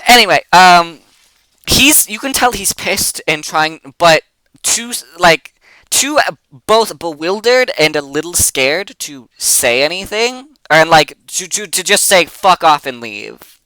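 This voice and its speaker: A game master narrating a tabletop game in a loose, halting, conversational way, often restarting a phrase. The voice is bright and crisp, with a lively swing, recorded close and dry. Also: medium pitch, no echo, low-quality recording. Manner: hesitant, many fillers and restarts, casual swearing.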